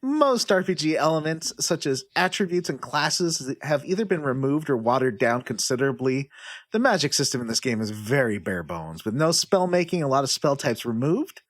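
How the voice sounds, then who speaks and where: A podcast host with a medium-pitched voice and moderate pace runs a casual guessing game. He reads user reviews aloud in a lively, sing-song, animated way and hums while hunting for the next one.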